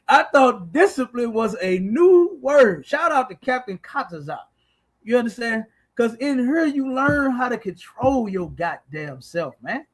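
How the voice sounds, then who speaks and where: A man's voice: very high-pitched, sing-song, slow. A man hosting a podcast, preaching emphatically with profanity and repeated "you understand?". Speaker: podcast host.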